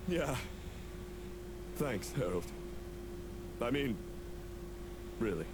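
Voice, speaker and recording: A man's voice: medium pitch, sing-song, extremely slow, noisy background. An actor voicing a friendly, good-natured young man in a video game, talking in a cheerful, easygoing way.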